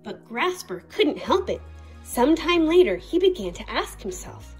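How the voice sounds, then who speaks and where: Expressive woman reading a picture book. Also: high voice, soft background music. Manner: expressive and slow-paced. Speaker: storyteller.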